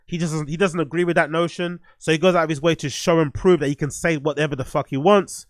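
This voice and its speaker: A man's voice: fairly high pitch, fairly even intonation, fast talker, hardly any pauses, no room sound, studio quality. A man hosting a podcast, giving blunt, profane opinions in casual commentary and thinking aloud as he goes. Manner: thinks aloud with restarts and fillers. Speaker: podcast host.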